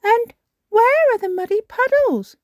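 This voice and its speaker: A woman voicing a bubbly, slightly bossy little girl piglet in a high, excited child voice for a storybook reading. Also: unhurried, no room sound, studio quality.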